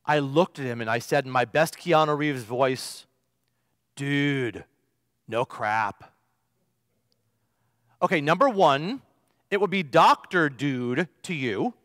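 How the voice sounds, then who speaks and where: A man's voice: a little high, expressive, moderate pace, a bit bright, dry recording, studio quality, big-room sound. A male pastor preaching a sermon, telling stories with emphasis and stretching out the key phrases.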